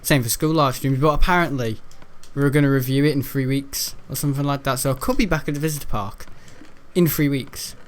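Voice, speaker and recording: A British man rambling through casual gaming commentary, chuckling often and jumping up in pitch when he's incredulous. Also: a little fast. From United Kingdom. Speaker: gaming YouTuber.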